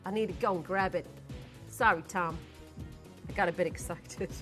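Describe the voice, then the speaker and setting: A woman's voice: fairly low pitch, normal speed, a bit bright, faint music behind. A woman presenting on a live shopping channel, chatty, giggly and enthusiastic as she sells jewellery.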